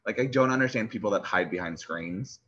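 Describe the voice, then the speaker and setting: Feisty, swearing young man, bright tone. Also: lowish voice, brisk. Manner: animated, swears a lot, gets feisty. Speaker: podcast co-host. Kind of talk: casual chat. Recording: dull lo-fi podcast audio.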